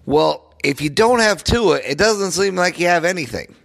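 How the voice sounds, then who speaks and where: A man's voice: high-pitched, expressive, moderate pace, creaky, a bit bright. A man hosting a solo sports podcast, ranting in a heated, profane and sarcastic way.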